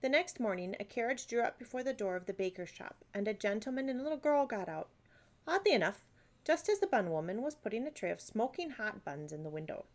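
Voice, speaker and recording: A woman's voice: a little high, animated, brisk. A woman reading a classic novel aloud into a phone, unpolished, with slips and small asides. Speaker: audiobook reader.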